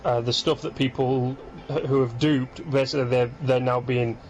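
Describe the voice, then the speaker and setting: A man co-hosting a casual gaming chat, sleepy and rambling, breaking off mid-sentence to act out quick impressions. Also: mid-range voice, poor audio. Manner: rambling, self-interrupting, animated impressions. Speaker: podcast co-host.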